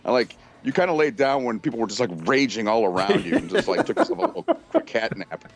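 A man's voice: mid-range voice, huge pitch swings, fast talker. A man telling profane, laughing stories in casual chat, acting out quotes. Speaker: podcast regular.

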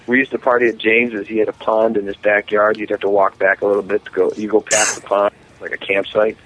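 A man's voice: fairly low pitch, quick pace. A man telling long, profane party stories in a casual chat among friends, acting out the other people's lines. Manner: profane, rambling anecdotes with animated quoted voices. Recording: muffled lo-fi recording with faint hiss.

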